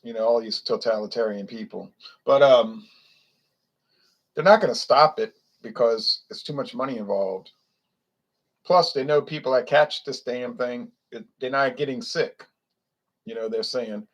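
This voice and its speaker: A man's voice: medium pitch, unhurried. A man with a Louisiana accent reviewing beer in a casual, rambling, opinionated way that wanders off topic. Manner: opinionated, blunt, digressive.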